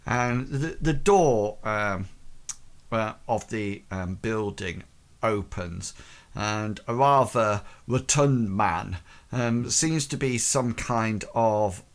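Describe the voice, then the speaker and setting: A man narrating a tabletop game as game master, hesitant, with many pauses and restarts. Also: lowish voice.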